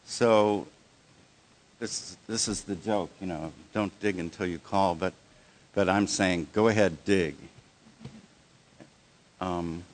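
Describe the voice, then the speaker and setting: Male workshop presenter, low-pitched, casual and halting, with frequent restarts and audience check-ins. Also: fairly even intonation, a little hiss or hum. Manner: halting, many restarts and fillers. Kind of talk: live workshop talk.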